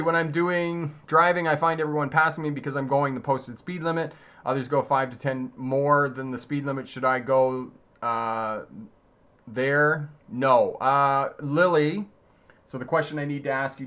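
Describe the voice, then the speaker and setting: A man's voice: medium pitch, a bit bright. A middle-aged man hosting a driving-lesson live stream, chatty and laughing often as he reads chat questions and repeats key points.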